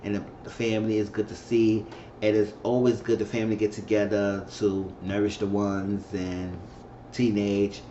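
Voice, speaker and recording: A man talks through a TV episode in a loose, chatty way, repeating points as he goes and now and then slipping into a high falsetto to act out the characters. The recording is somewhat muffled and roomy, with faint hiss underneath. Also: completely flat delivery, normal speed, mellow. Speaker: TV episode reviewer. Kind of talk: casual episode recap.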